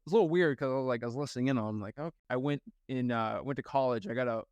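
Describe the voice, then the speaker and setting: A young man, a guest, telling his story in a casual, energetic way and acting out the people he quotes. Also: medium pitch, rapid-fire, clear, resonant tone, no echo, highs cut off. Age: young adult.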